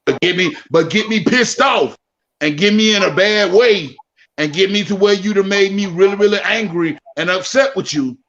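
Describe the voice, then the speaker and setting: A man from Jamaica in a casual chat, animated and quick to explain himself again. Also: high-pitched, lo-fi sound.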